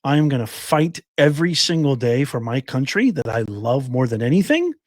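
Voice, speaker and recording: A man's voice: mid-range voice, very animated, moderate pace, no echo. An older man hosting a livestream, thanking viewers by name in an earnest, emotional way and getting choked up. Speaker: livestream host. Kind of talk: casual livestream sign-off.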